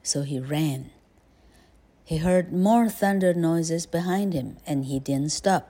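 A woman host narrating a storybook slowly and gently, switching between two languages. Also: sits low.

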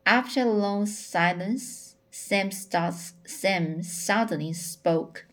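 Woman narrator for a classic novel, slow and halting, many restarts. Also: medium pitch, a bit bright. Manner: halting, frequent repeats and self-corrections. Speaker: audiobook reader. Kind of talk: audiobook narration.

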